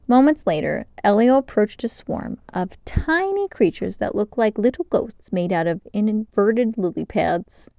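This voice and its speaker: A woman's voice: medium pitch, a little slow, hardly any pauses, dry recording, clean studio sound. Woman reading a kids' book aloud. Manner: clear, expressive narration. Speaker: storyteller. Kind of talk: children's book read-aloud.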